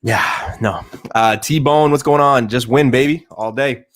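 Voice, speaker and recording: A man's voice: mid-range voice, unhurried, fairly bright tone. Canadian guy hosting a chill livestream, jokey, lots of uhs and ums. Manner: chatty and joking, loose with fillers. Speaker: livestream host. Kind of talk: casual chat.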